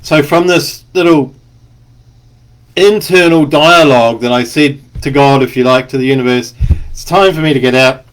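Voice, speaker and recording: A man's voice: medium pitch, moderate pace. A man, an author, talking in a rambling, chatty monologue, stopping now and then to cough. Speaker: author and speaker. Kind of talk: casual spoken monologue.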